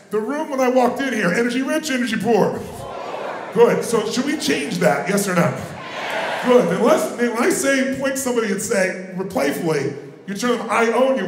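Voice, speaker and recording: A man giving a live motivational seminar, booming and exhorting, pushing the audience to shout answers. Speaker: motivational speaker. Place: large conference room with audience. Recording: echoey live room with faint noise.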